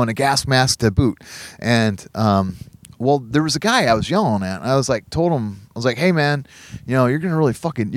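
A man's voice: lowish voice, no room sound. A man hosting a podcast, telling a long casual story with lots of swearing, restarts and laughter. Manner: profane, rambling, laughing often. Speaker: podcast host.

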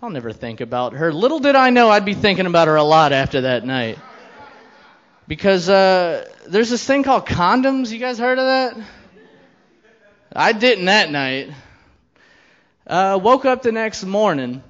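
A man's voice: high-pitched, big pitch swings, measured pace, long pauses, fairly bright tone, dull audio. A man in his thirties doing a stand-up comedy set, telling a crude story with brash, profane delivery and quoted voices.

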